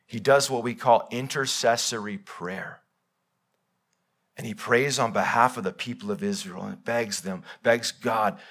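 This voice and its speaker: Male pastor, live sermon, bright tense tone, dramatic loud-to-quiet swings. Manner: swings between loud emphatic peaks and quiet low passages; voices God and Bible figures in quoted speech. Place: church.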